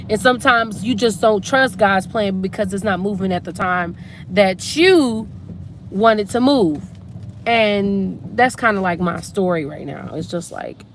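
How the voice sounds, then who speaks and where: A woman's voice: medium pitch, a little hiss or hum. A woman on a casual live stream, subdued and emotional, holding back tears as she talks herself up, speaking into a handheld phone in a parked car. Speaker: vlogger hosting a live stream.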